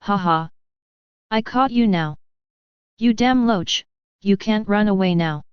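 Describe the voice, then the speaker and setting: A woman voicing a huge, irritable male sand beast that gloats and roars, in a smooth voice on dull lo-fi audio. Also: medium pitch, takes it slowly, no room sound, lightly acted. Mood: gloating. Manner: gloating, roaring.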